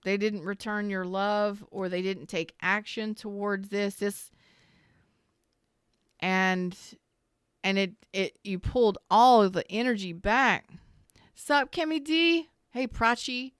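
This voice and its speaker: Speaking slowly at medium pitch, a woman reads tarot on a live-stream, her tone clean and free of room sound. Close to crying, she wanders through her thoughts with raw honesty and offhand cursing.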